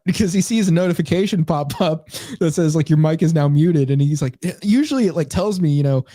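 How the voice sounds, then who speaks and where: A man co-hosting a podcast, telling stories in an animated way and often breaking into laughter. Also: fairly high pitch, fairly quick, few pauses, dry recording, studio quality. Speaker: podcast co-host. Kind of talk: casual chat.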